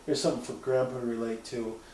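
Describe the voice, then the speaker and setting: A man chatting casually on a podcast, animated and profane, often mimicking voices as he talks. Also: mid-range voice, quick pace, distant mic, slight background noise. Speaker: podcast co-host. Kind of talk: casual chat. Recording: roomy, off-mic sound.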